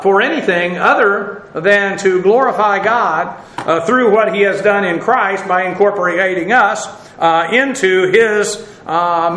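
A man's voice: sits high, bright, forceful tone, roomy sound, poor audio. A man teaching a verse-by-verse Bible lesson, explaining at length with many filler uhs and restarts.

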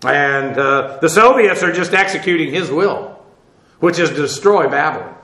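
A man teaching the Bible verse by verse, halting with many "uh"s as he spells out Hebrew words, then pressing his points emphatically. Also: a little high, expressive, sharp tone, reverberant. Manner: emphatic, preacherly warnings.

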